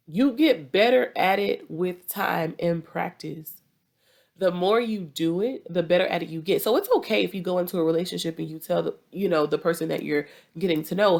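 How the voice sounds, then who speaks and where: Low, gravelly Southern woman giving advice. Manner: direct, emphatic, repeats points for stress. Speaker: relationship advice podcast host. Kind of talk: conversational advice talk.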